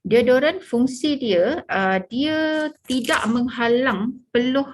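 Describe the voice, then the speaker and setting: Woman trainer, relaxed explainer who keeps checking her listeners follow. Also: sits high, slow, a little hiss or hum. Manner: casual, checks understanding with "okey?" and "faham tak?". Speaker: product trainer.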